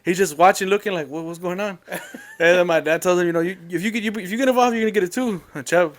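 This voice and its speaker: Man, casual storytelling, rambling, quick, slightly high voice. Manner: rambling, animated storytelling with laughs.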